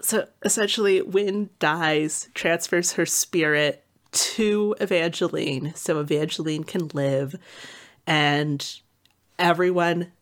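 A woman co-hosting a casual book chat, animated, often acting out characters' lines in quick voices. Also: low voice. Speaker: podcast co-host.

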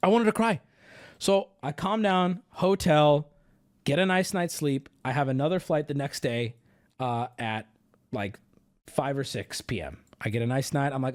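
A man streamer telling a story casually to his audience, animated, profane and exaggerated. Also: on the high side, unhurried.

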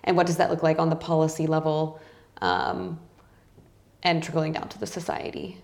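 Measured woman podcast interviewer. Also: low voice, big pitch swings, creaky, a little mellow. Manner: measured, probing questions.

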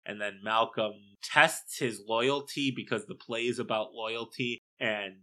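A man's voice: lowish voice, steady tone, a little slow, sharp tone. A man co-hosting a casual chat about a play, giving dry, jokey commentary. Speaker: podcast co-host.

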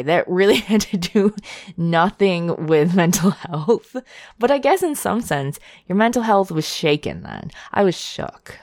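A woman's voice: sits low, no room sound, studio quality. A young woman hosting a casual monologue, candid and profane, with frequent tangents and laughter.

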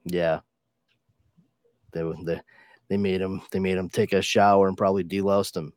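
A man's voice: sits low, little pitch movement, normal speed, a little mellow, dry recording, clean studio sound. A man co-hosting a casual chat about comics, loose and swearing now and then. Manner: casual, swears, reads comic lines in put-on voices. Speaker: podcast co-host.

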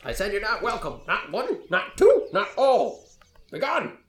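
A man's voice: huge pitch swings, a little slow, a little hiss or hum, exaggerated voice. A man playing a crotchety old villager. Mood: angry. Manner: shrill, shouting. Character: crotchety old male villager yelling at strangers. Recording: echoey room.

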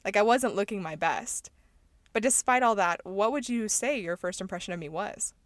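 A woman's voice: mid-range voice, animated, moderate pace, no echo, clean studio sound. Talkative woman co-hosting a podcast. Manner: talkative, laughs often, says mm-hmm a lot. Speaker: podcast co-host. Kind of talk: casual chat.

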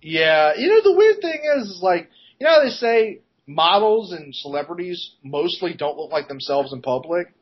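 A man with a high-pitched, breathy-edged voice tells a rambling story on a podcast. His pitch jumps around constantly as he laughs and swears through it. The recording sounds muffled and lo-fi. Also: sing-song, moderate pace, hardly any pauses. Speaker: podcast co-host. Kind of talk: casual storytelling chat.

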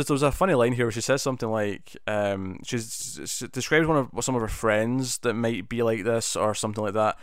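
A man's voice: fairly low pitch, a bit bright, clear, resonant tone, no room sound, studio quality. A man casually talking through a TV episode, rambling with many restarts and fillers. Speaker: TV episode reviewer. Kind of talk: casual spoken review.

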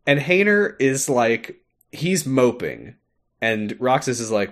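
A young man co-hosting a podcast recaps a game's story in a casual chat, speaking slowly at a medium pitch. He retells it with animation, laughing often and acting out lines.

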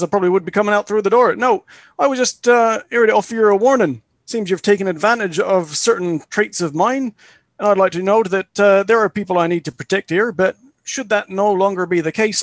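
Jackwick, a gruff, menacing adventurer, as a man puts him on, talks low and threatening with clipped, polite sign-offs. The recording is close and dry. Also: brisk, no room sound.

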